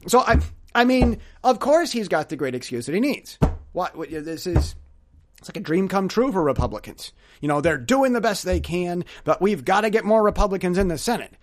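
A man's voice: sits high, big pitch swings, normal speed, noisy background. A man hosting a solo podcast, telling a rambling story with sarcasm and lots of stammered restarts. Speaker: podcast host.

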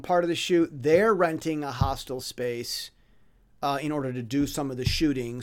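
A man hosting a podcast alone, talking casually in a rambling, self-mocking way, with frequent restarts and fillers. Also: fairly high pitch. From foreign resident in Taiwan. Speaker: podcast host. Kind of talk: casual monologue.

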